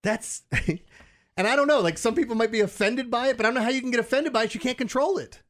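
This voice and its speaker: A man's voice: very high voice, fast talker, fairly bright tone. A man co-hosting a sports radio show, rambling and laughing in casual banter.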